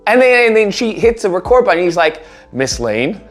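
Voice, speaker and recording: A man giving casual online commentary, animated and quick to mock others with a high put-on voice. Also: music in the background.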